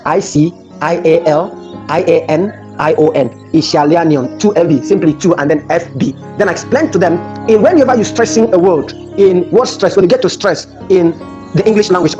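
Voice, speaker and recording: Brief: brisk male teacher trainer, emphatic, repeats points, clear music behind. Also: sits high, darkish tone. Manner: emphatic, repeats phrases, tells classroom stories. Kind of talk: workshop lecture.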